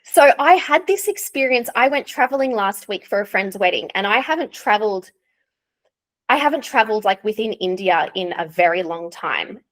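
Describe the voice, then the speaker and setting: A woman's voice: mid-range voice, lively intonation, normal speed. A young woman with an Australian accent, an English teacher chatting candidly in an interview and laughing often. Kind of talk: casual interview chat.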